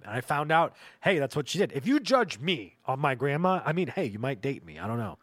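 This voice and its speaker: A man's voice: medium pitch, very animated, fairly quick, hardly any pauses, a bit bright, no room sound. Foul-mouthed man telling stories. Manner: profane, rambling, jokey. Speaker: podcast host. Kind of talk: comedic storytelling monologue.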